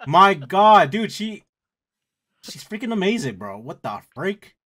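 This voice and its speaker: Male reaction host, upbeat and slangy, pitch on the high side and very lively. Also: unhurried. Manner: hyped, slangy, says "dude" and "bro". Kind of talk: excited reaction chat.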